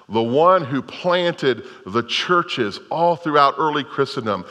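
A middle-aged man preaches with a bright, forceful edge in his voice. He tells a story in a folksy, unpolished way, often restarting his sentences. His words ring out with a long reverb, as in a large church hall. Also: a little high, expressive, slow pace. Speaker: Methodist pastor. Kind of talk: sermon.

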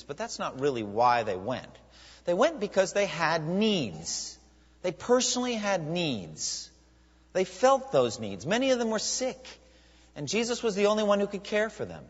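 A man preaching a sermon as a pastor, animated, with many rhetorical questions. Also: a little high, breathy edge. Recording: dull lo-fi sound with long hall reverb.

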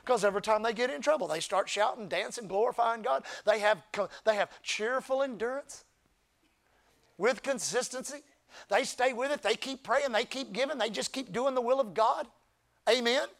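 A man with a very high voice preaches to his church, moving between quiet talk and loud shouting. He calls out for the crowd to repeat words after him. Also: normal speed, gravelly. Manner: preaching, often rising to shouts with crowd call-and-response. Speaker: pastor. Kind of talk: sermon. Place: church service.

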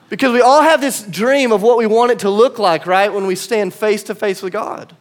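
High-voiced man preaching a sermon. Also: a little fast, few pauses. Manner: conversational, swings from quiet to emphatic. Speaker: pastor.

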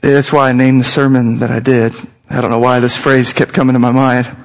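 A man's voice: medium pitch, flat delivery, fairly quick. A man in his thirties, a pastor, preaching a sermon in an earnest, conversational way that speaks straight to his listeners.

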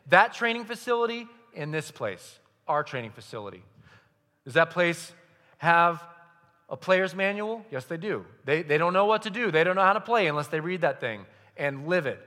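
Passionate young man preaching in a hall. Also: high voice. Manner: passionate, swings from hushed to loud. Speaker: youth pastor. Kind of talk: sermon. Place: church service hall. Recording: echoey hall.

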